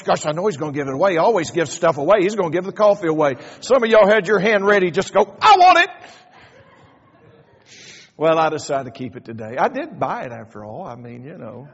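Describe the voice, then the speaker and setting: Folksy preacher, high voice. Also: male voice, breathy edge. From Kentucky. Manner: folksy, storytelling, playful asides to the congregation. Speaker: pastor. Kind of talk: sermon. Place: church sanctuary. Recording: dull lo-fi sound in a reverberant hall.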